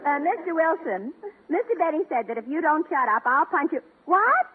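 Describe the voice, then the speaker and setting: A woman's voice: sits high, very animated, normal speed, noisy background. A woman in a 1940s radio comedy delivering tart, needling wisecracks. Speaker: comedy show regular. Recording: tinny old radio broadcast.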